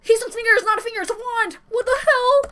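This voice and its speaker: A young woman reacting to a music video as an excited fan, gushing and exclaiming, thinking out loud with lots of "like"s. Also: very high voice, fast talker. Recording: faint music behind the voice.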